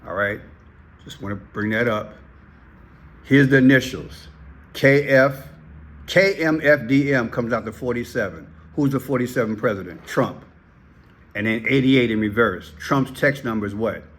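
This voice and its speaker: This man talks at normal speed in a slightly bright voice, offering casual commentary to the viewers of his online videos. He tends to repeat himself, calls out to his audience, and his pitch jumps sharply when he's worked up.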